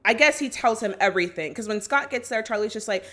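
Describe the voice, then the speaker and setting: A woman's voice: fairly high pitch, animated, fast talker, pushed and bright. A woman vlogger chatting casually through a movie recap, with lots of "like" and "just like". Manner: chatty, full of "like" and "just like", acts out quotes.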